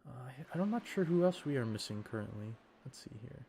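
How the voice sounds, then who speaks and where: A man's voice: medium pitch, expressive, fairly quick, creaky, warm tone, a little hiss or hum. A man recovering from a cold gives rambling live-stream commentary on a sim race, correcting himself and using lots of fillers.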